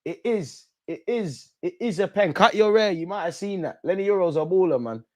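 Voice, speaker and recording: A young man hosting a live football watch-along, chatting in street slang and shouting when goals go in. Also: high voice, lively intonation, moderate pace.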